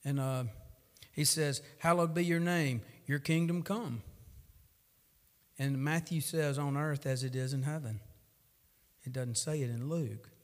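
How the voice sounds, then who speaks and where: Preacher in a reverberant hall. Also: male voice, fairly high pitch, measured pace, pauses often. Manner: folksy storytelling, rising to fervent. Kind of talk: sermon.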